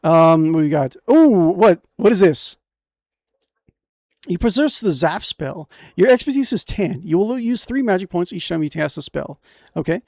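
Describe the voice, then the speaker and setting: High-voiced excitable young gamer. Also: male voice, normal speed, creaky, no echo, studio quality. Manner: excitable, jokey, reads game text aloud with crude asides. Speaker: streamer. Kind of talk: casual gameplay commentary.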